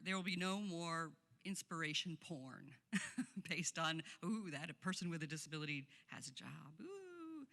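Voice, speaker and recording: A woman's voice: lowish voice, gravelly, pushed and bright. A woman giving a passionate conference keynote speech, emphatic and laughing often, recorded in a conference hall. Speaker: keynote speaker.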